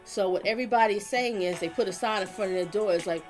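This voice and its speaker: A woman's voice: lowish voice, steady tone, a little fast, few pauses, soft background music. A woman giving casual live stream commentary, talking emphatically, repeating her points and reading viewer comments aloud.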